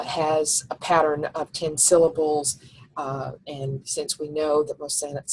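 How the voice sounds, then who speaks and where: A woman's voice: sits low, darkish tone, breathy edge, low-quality recording. A woman teacher giving a recorded slide lecture, explaining step by step and thinking aloud with fillers.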